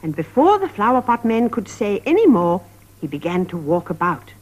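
A woman narrating a story for young children in a measured, sing-song 1950s television style. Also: mid-range voice, big pitch swings. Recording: dull lo-fi 1950s television recording.

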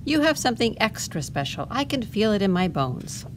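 A woman voicing a stern but loving mother bulldog in a picture book, speaking in a brisk, barking, firm way. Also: mid-range voice, big pitch swings, noisy background, pitched above the performer's own voice, lightly acted. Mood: encouraging.

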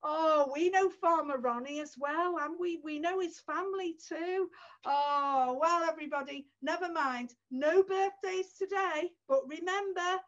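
High, animated children's leader. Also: female voice. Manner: animated, exaggerated, talking to small children. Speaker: children's music session leader. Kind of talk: children's sing-along session over video call. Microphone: video call computer mic. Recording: dull video call audio.

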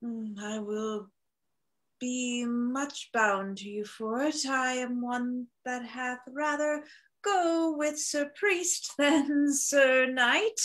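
A woman reading a timid young woman disguised as a page in a Zoom play reading, hesitant and measured. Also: high-pitched, a bit bright, heavily acted. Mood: anxious. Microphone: video call.

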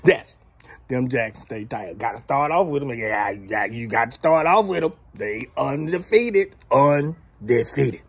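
Gravelly drawling man. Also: mid-range voice, animated, moderate pace, dry recording. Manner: drawling, playful trash talk with whoops. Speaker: sports commentator vlogger. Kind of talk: casual football recap.

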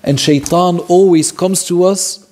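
A man's voice: high voice, fairly even intonation, unhurried, darkish tone. A man teaching a weekly Quran commentary class, retelling stories earnestly, repeating key phrases and mixing in Arabic phrases. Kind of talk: storytelling Quran commentary lesson.

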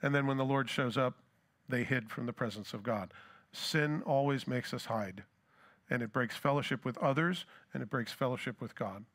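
A man's voice: mid-range voice, normal speed, fairly bright tone. A pastor preaching a sermon who asks his congregation rhetorical questions and acts out scripture dialogue.

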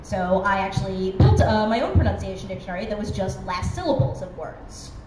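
A woman's voice: mid-range voice, very animated, brisk, a little mellow, faint music behind. A woman giving a conference talk, chatty and self-deprecating, with many fillers. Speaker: conference speaker. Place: conference hall. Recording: echoey hall with background noise.

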